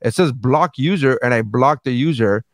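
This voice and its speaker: A man hosting a casual streamed chat, rambling through his opinions with plenty of swearing and self-deprecation. His voice sits at an ordinary pitch and sounds dry and close to the mic. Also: lively intonation, moderate pace, dry recording. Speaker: podcast host.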